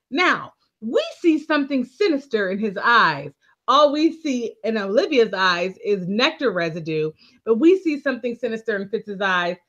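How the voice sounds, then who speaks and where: A woman co-hosting a show recap, telling the story with animated energy and frequent laughter. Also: on the high side, muffled recording. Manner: animated storytelling, laughing often, keeps addressing co-host. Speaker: co-host. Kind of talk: casual recap chat.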